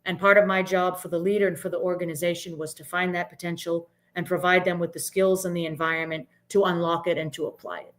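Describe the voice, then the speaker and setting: A woman's voice: on the low side, fairly even intonation, fast talker, hardly any pauses. Earnest woman. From Boston area, US. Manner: earnest, emphatic, frequent "right?" tags. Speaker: podcast guest. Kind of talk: reflective interview talk.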